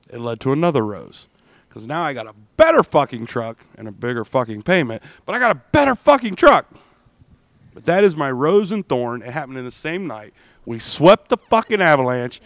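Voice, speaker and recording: A man co-hosting a casual podcast, telling a rowdy, profane story and breaking into loud outbursts. He sounds drunk. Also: medium pitch, no echo. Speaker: podcast co-host. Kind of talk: casual chat.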